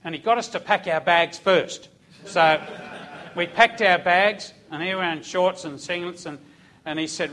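A middle-aged man preaching a sermon, telling a personal story in an animated way with chuckles. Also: high-pitched, unhurried.

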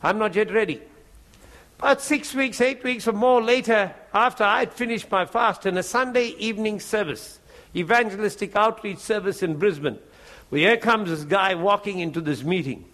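A man preaching, telling a testimony in a lively way, often laughing and acting out the voices and prayers in his story. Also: high voice, moderate pace.

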